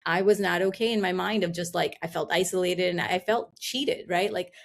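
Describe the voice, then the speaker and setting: A woman's voice: lowish voice, moderate pace, vocal fry. Candid middle-aged woman guest. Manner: candid, reflective, fillers of "like", acts out her own past thoughts. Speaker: podcast guest. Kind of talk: casual interview storytelling.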